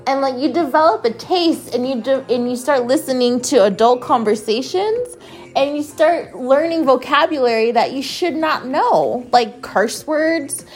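A woman in her twenties from the American Southwest, hosting a solo podcast and telling stories in an animated, chatty way, full of "like" and restarts. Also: high voice, measured pace, faint music behind. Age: 20s. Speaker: podcast host. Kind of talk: casual solo podcast monologue.

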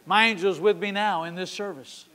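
A man's voice: sits high, steady tone, moderate pace. Impassioned older man preaching in a hall. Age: 60s. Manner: impassioned storytelling with sudden loud peaks and quiet drops. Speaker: pastor. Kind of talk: sermon. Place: church service. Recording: long hall reverb.

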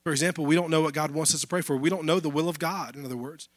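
A man's voice: a little high, steady tone, racing, no echo. A man preaching a sermon in a casual, conversational way. He is losing his voice. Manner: conversational preaching, addressing listeners as y'all. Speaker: pastor.

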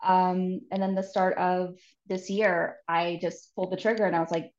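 A woman's voice: on the low side, level tone, moderate pace, hardly any pauses, a little mellow. A woman in her thirties, a guest author in a podcast interview, earnest and laughing often. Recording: dull, roomy remote audio.

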